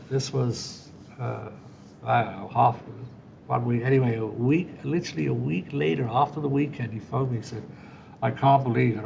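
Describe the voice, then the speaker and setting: A man's voice: creaky, darkish tone. A man hosting a solo podcast, talking casually and telling stories with acted-out dialogue. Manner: casual storytelling, acts out quoted dialogue. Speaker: podcast host. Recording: dull lo-fi sound with faint rumble.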